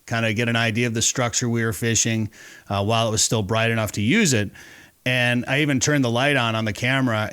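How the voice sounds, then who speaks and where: A man's voice: mid-range voice, fairly bright tone, dry recording. Chatty man hosting a fishing show. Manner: chatty, rambling storyteller. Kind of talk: casual interview chat.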